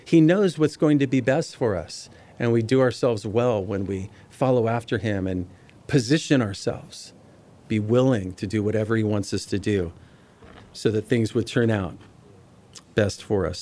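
A man's voice: lowish voice, a little slow, a little mellow. A man preaching a Bible teaching sermon. He reads passages aloud and explains them in a conversational way, speaking directly to his listeners. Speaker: pastor.

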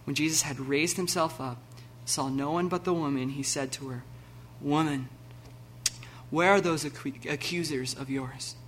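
A man preaching a sermon, animated and laughing, acting out the scenes with sudden loud bursts. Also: a little high, normal speed, slight background noise. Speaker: pastor.

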